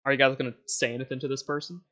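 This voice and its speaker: A man's voice: mid-range voice, level tone, sharp tone. Man running a tabletop game. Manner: laughs often, quick, loose asides. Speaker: game master.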